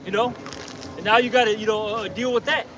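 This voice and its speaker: A man's voice: sits high, fairly even intonation, brisk. A man preaching in the street, confrontational and emphatic, often checking with "okay?". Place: outdoors on a city street. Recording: distant outdoor recording with street noise.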